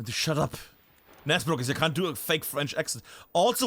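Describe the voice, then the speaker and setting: A man's voice: a little high, expressive, normal speed, bright, forceful tone. A man streaming a game live, chatting and thinking aloud as he looks around a map, often breaking off mid-sentence.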